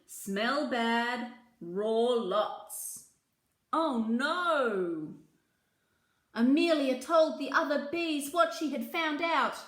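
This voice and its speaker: A woman reading a children's picture book aloud, slow and gentle, with asides about the pictures. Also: on the high side, echoey room. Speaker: children's story reader.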